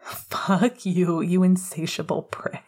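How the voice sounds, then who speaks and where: A teasing, playful young man, voiced by a woman reader, his lines coming soft and half-whispered. The voice sits low and breathy, with a husky grain. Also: little pitch movement, takes it slowly.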